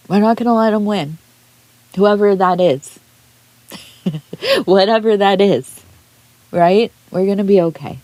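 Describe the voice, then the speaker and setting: A woman's voice: mid-range voice, takes it slowly, long pauses, a little mellow, no echo. A woman who reads tea leaves, speaking in an earnest, rambling way with many restarts. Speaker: tea leaf reader. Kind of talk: heartfelt spoken aside in a reading video.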